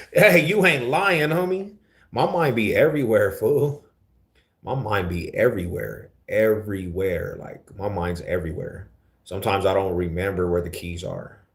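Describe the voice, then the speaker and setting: The host here is a Denver, USA man whose voice sits very low, chatting with viewers on a laid-back livestream. His East Denver slang runs throughout, and he calls people homie and fool.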